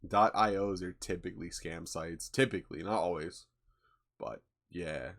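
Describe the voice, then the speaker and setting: A man's voice: deep voice, moderate pace, fairly bright tone. A young man hosting a livestream, chatting casually in a rambling, laid-back way with lots of fillers and swearing. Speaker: livestream host.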